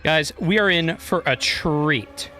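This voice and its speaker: A man's voice: a little high, slow, pushed and bright, faint music behind. A man streaming and chatting casually and enthusiastically while building in a game editor.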